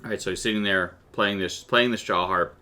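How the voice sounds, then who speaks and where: A man's voice: fairly low pitch, fairly even intonation, a little fast, pushed and bright. A man running a streamed tabletop game as game master, chatting animatedly with his players and viewers and breaking into vocal sound effects.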